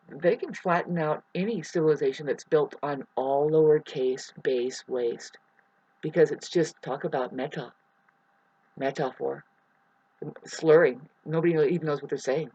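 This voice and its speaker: A vlogger talking in a meandering, free-associating monologue, with many restarts and pauses. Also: medium pitch, darkish tone, slightly rough, no room sound. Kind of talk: rambling spoken monologue. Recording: dry, slightly dull lo-fi sound.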